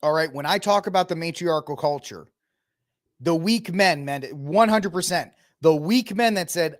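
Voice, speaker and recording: A man's voice: a little high, normal speed, dry recording, studio quality. A man hosting a podcast, ranting with sarcasm and mocking impressions in a heated political commentary. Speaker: podcast host.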